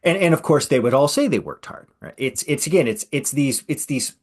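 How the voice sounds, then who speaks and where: A man's voice: medium pitch, animated, brisk, darkish tone. A man hosting a conversational podcast interview, talking in a sarcastic way and firing pointed rhetorical questions. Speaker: podcast host.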